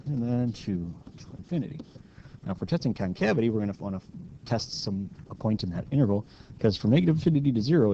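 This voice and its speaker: A man's voice: lowish voice, warm tone, highs cut off, a little hiss or hum. A man teaching calculus in a casual, step-by-step lecture, stopping now and then to correct his own slips. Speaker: math teacher.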